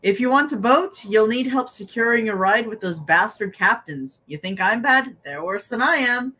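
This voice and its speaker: A woman reading out a gruff grown male mercenary swordsman's fan fiction dialogue in a flat read-aloud voice. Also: fairly high pitch, moderate pace.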